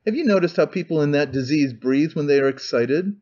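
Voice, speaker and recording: A man's voice: fairly high pitch, fairly quick, dark tone, breathy edge. A man voicing a drunken middle-aged clerk who pleads and preaches in fervent, despairing confession, on a dull lo-fi audiobook recording. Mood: agitated muttering.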